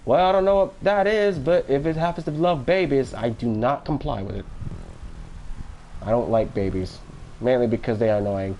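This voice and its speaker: A man's voice: mid-range voice, normal speed, lo-fi sound, slight background noise. A man in his twenties from Florida chatting casually on a stream, rambling and joking with many restarts. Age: 20s. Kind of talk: casual live-stream chat.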